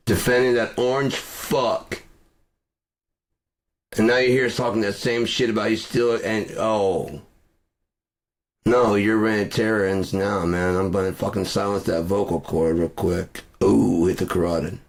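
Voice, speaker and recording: Man, very low voice, furious profane vlog rant, bursts of yelling. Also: fairly even intonation, measured pace, pauses often. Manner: profane and furious, shouting at times. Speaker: vlogger. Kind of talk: angry political rant.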